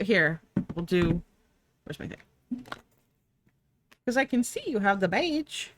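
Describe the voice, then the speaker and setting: A woman's voice: mid-range voice, sing-song, takes it slowly, long pauses, fairly bright tone, no echo. A young woman streaming live, chatting casually with viewers while she draws, sleepy and yawning. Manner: chatty, bubbly, talks to chat and herself.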